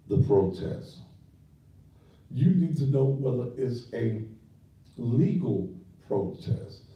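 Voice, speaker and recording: A man's voice: medium pitch, heavy reverb, far from the mic, dull audio. An older man hosting a talk show, lecturing his listeners in a preachy, scolding way. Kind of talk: radio commentary.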